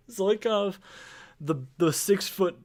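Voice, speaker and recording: A man's voice: high voice, extremely slow. A man narrating a tabletop game as game master, in loose, rambling speech.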